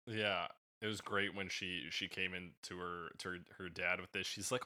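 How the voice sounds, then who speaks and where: Man, podcast co-host, agreeable, casual chat, very bright tense tone. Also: low voice, fairly even intonation, moderate pace.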